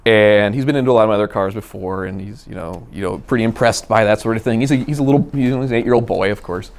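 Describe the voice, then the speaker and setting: Man telling a car story, lowish voice. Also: fast. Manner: animated, acts out quoted dialogue. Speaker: guest storyteller. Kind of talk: casual storytelling.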